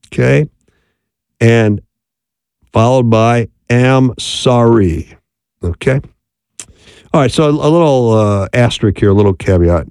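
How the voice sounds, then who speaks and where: Gravelly man teaching on marriage. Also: medium pitch, darkish tone, no echo, studio quality. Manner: conversational, often asks "right?". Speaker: speaker on marriage. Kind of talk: instructional talk.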